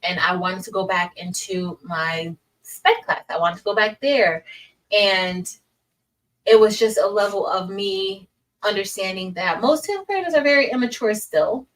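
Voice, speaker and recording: Woman, teacher, livestream host, casual chat, says y'all, middle pitch, a bit off-mic. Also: unhurried, far from the mic, low-quality recording. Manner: chatty, addresses viewers as y'all, reads chat aloud.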